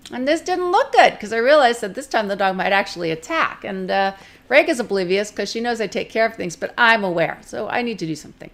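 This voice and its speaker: A lively woman instructor talks through dog handling in a casual, plain-spoken way. She moves quickly between explaining and briefly acting out what an owner or a dog might say. Her tone stays practical and direct throughout. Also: medium pitch. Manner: lively, conversational, acts out quick voices of owners and dogs. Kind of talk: recorded teaching talk.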